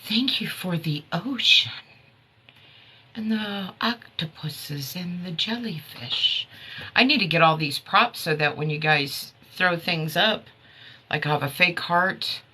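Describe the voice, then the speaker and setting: A woman's voice: low voice, sharp tone. A woman hosting a casual live stream, chatting with viewers about her herbal products, laughing often.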